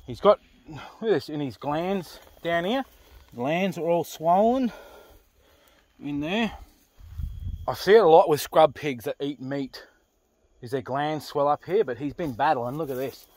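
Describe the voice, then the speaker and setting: An Australian man talking casually to camera outdoors, rough-spoken and swearing freely, out of breath from hauling a load. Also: on the high side, a little slow, long pauses, a little mellow, no room sound. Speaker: pig hunter. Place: outdoors in the bush.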